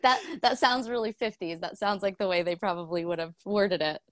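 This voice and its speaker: A woman's voice: mid-range voice, a little fast, fairly bright tone, dry recording, studio quality. A young woman co-hosting a book club podcast, candid and laughing often, swearing casually. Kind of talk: casual chat.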